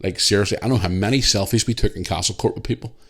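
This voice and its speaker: Northern Irish man, podcast host, lowish voice, animated, swears a lot, casual solo chat. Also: very fast, slightly rough. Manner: animated, swears freely, retells arguments with heat.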